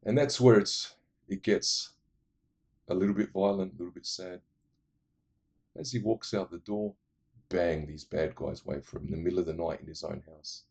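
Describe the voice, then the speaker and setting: Mellow-voiced man retelling movies. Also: low-pitched, moderate pace, gravelly, long pauses. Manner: animated storytelling with vocal sound effects. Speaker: movie reviewer.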